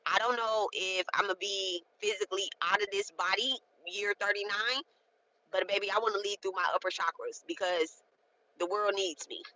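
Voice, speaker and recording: A woman's voice: mid-range voice, fairly even intonation, normal speed, sharp tone, low-quality recording. A woman in her late thirties talking casually and emphatically through a spiritual ritual, often checking in with her listeners. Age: 30s. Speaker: spiritual content creator. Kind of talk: casual spoken ritual walkthrough.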